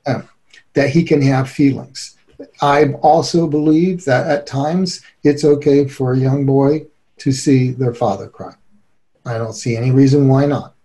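A middle-aged man giving an earnest, animated interview as a relationship expert, often breaking into laughter. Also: medium pitch, measured pace. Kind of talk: conversational interview.

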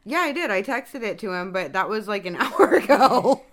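A woman co-hosting a casual chat podcast, talking in a relaxed, chatty way and reacting to her co-host. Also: medium pitch, normal speed.

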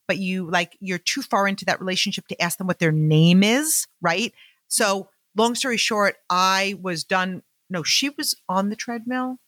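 A woman telling lively personal business stories in a motivational talk, acting out the dialogue and speaking straight to her listeners. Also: medium pitch, no room sound. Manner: animated, acts out quoted dialogue, addresses listeners as "you guys". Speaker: network marketing business owner.

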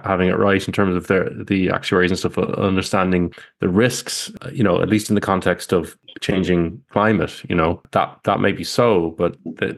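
Deep gravelly male co-host. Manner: hesitant, restarts often. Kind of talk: casual podcast chat.

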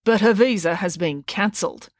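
A woman's voice: mid-range voice, moderate pace, dry recording, clean studio sound, natural voice. A woman reading an audiobook voices a stiff male immigration officer who speaks in a formal, bureaucratic way. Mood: officious.

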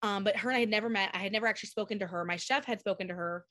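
A young adult woman, a chocolatier being interviewed, tells stories in a casual, animated way, acting out quoted voices and using lots of fillers. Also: mid-range voice, very fast. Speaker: guest chocolatier.

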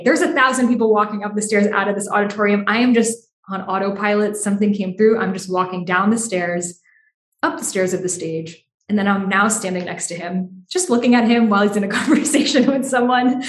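Young female storyteller, chatty, acts out dialogue, slightly high pitch, roomy echo. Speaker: author telling a personal story. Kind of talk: animated personal storytelling.

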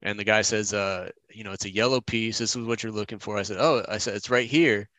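A man's voice: on the low side, fairly even intonation, fairly quick, a bit bright, no room sound. A man co-hosting a podcast, telling a rambling, self-deprecating story about his kids in a casual chat. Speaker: podcast co-host.

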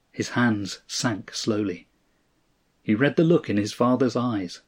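Husky man reading a story aloud. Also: mid-range voice. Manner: measured, dramatic storytelling. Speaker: narrator.

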